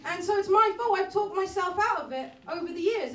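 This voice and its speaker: A woman's voice: extremely high pitch, animated, brisk, few pauses, far from the mic, a little hiss or hum. A woman performing a stand-up comedy set, self-deprecating and rambling, often laughing at her own jokes. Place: comedy club stage. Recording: echoey club room, mic heard from afar, loud crowd.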